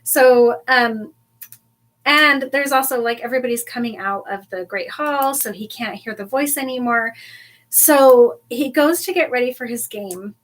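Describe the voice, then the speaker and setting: A woman co-hosting a live podcast, recapping a book chapter in casual chat, animated and laughing often as she acts out the characters. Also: fairly high pitch, measured pace. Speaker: podcast co-host.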